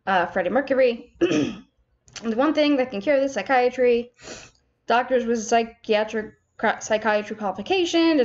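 A young woman casually commentating as she plays a management game, chatty and self-mocking, talking to herself as she builds. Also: a little high. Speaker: gaming streamer. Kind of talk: casual let's-play commentary. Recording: slightly dull lo-fi home recording.

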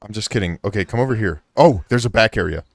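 A man casually chatting and swearing excitedly while playing a co-op video game. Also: lowish voice, quick pace, gravelly, dry recording, clean studio sound. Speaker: gameplay streamer. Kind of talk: casual co-op gameplay chat.

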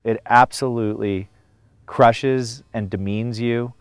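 A man's voice: mid-range voice, fairly even intonation, slow pace, clean tone, dry recording. A man, a former student, speaking emphatically in a documentary interview. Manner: emphatic, stresses strong words.

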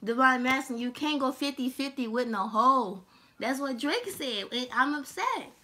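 Bright, high-voiced woman reading tarot. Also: moderate pace. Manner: animated, laughing, profane and teasing. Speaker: tarot reader.

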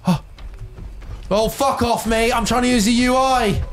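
A man in casual, excited gaming banter, swearing freely and shouting as he plays. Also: very high voice, a little slow, background noise. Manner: swears freely, shouts and laughs while playing. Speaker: gaming group member.

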